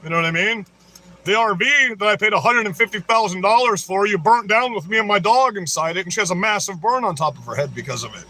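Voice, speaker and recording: Fast, bright, and forceful, this high-pitched man hosts a livestream where he rants angrily at his audience. Swearing nonstop, he keeps returning to the phrase "you know what I mean."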